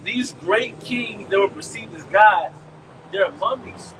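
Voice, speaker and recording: A man preaching to a camp outdoors in loud, emphatic street slang. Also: high voice, takes it slowly. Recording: distant mic, traffic noise outdoors.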